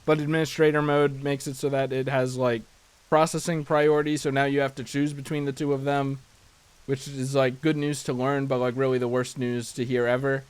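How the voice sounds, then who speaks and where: A man's voice: mid-range voice, little pitch movement, fairly quick, clean tone, no room sound. A man chatting casually while playing a video game, rambling and self-deprecating, often restarting his sentences as he thinks aloud. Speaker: let's play host. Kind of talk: casual gameplay commentary.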